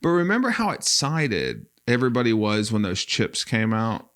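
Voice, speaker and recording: A man's voice: lowish voice, big pitch swings, normal speed, a bit bright. A man from the American South co-hosting a podcast, telling jokey stories in casual chat. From Florida, American South. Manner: storytelling, jokey, quotes people in voices. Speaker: podcast co-host.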